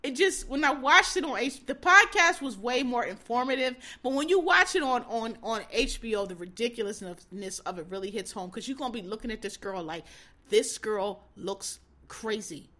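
Female commentator, bright and fairly high, loose profane storytelling. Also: fairly quick, hardly any pauses. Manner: animated, profane storytelling with acted-out quotes. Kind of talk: casual commentary.

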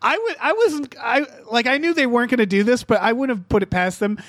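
A man co-hosting a casual podcast chat, talking in an animated, profane way and acting out quotes. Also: very high-pitched, fairly quick, dry recording, studio quality. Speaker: podcast co-host.

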